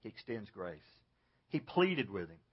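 A pastor preaching an earnest sermon, dropping low and soft to stress his points. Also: big pitch swings, measured pace, breathy edge, lo-fi sound.

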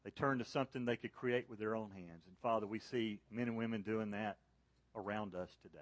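A man preaching a sermon to a church congregation, rising to loud, high emphasis on key points and falling soft and low in prayer. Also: steady tone, a little fast, no room sound. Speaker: pastor. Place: church service.

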